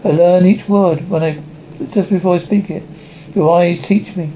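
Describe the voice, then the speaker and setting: A man's voice: high-pitched, fairly even intonation, normal speed, warm tone, slight background noise, lightly acted. A man playing a serene otherworldly alien. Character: calm, otherworldly male alien visitor. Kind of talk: 1960s TV drama acting. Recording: dull lo-fi 1960s TV soundtrack.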